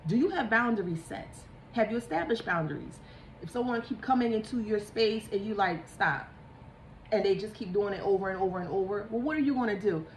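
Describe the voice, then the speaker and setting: A woman's voice: fairly high pitch, distant mic. A woman giving a casual tarot reading, with a frank, emphatic, preachy way of talking and the odd swear word. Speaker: tarot reader. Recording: echoey room, voice off-mic, faint hiss.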